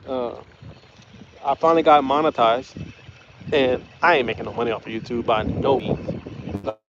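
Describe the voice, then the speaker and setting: A man's voice: medium pitch, normal speed, highs cut off, a little hiss or hum. A man live-streaming from a small fishing boat, chatting casually and rambling through stories, often correcting himself. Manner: rambling, self-correcting storyteller.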